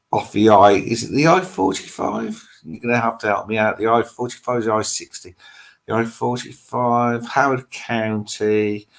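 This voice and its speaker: Speaking with a fairly low pitch, a middle-aged man from the English Midlands runs a live stream. He riffs casually on viewers' comments and rambles while thinking out loud.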